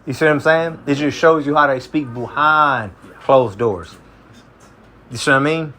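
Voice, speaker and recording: A man's voice: a little high, moderate pace, pushed and bright. Slangy man leading a Bible study. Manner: slangy, conversational, often asks "you see what I'm saying". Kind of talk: casual Bible study talk.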